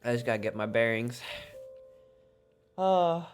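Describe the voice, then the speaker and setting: Male game streamer, drowsy and a bit congested, rambling and silly, mid-pitched, with music playing under him. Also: lively intonation, measured pace. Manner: rambling, goofy, chats with viewers. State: sleepy and a little sniffly. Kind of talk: casual live-stream chat. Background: background music.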